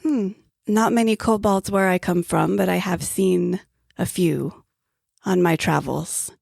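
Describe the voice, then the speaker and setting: A woman voicing a relaxed old male desert traveler who welcomes a stranger to his fire in a raised, unhurried voice. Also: fairly low pitch, vocal fry, no room sound, studio quality, heavily acted. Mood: friendly. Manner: welcoming, unhurried, repeats "come".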